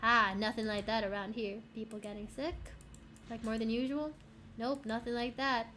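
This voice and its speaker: Woman voicing a wary small-town miner, folksy drawl, sticks up for the boss, higher voice, game read-aloud. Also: steady tone, moderate pace, sharp tone, a little hiss or hum. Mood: guarded.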